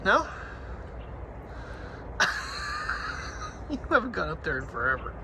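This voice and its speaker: A man talks casually and rambles as he films himself on a walk. His voice sits a bit high. The handheld phone recording is full of loud outdoor noise. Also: wildly swooping pitch, racing, creaky. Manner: chatty, rambling, coaxes his dog in a high voice. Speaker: vlogger. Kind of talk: casual vlog narration. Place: outdoors on a walk in a field and playground. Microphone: phone camera held in hand.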